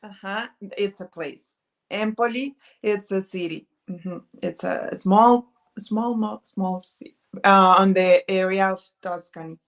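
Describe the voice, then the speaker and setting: A woman from Italy who speaks English as a second language, talking at a slow, unhurried pace. She hunts for words and restarts her phrases, filling the gaps with "mm-hmm". Her pitch sits in a middle range. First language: Italian. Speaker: guest. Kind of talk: casual interview chat.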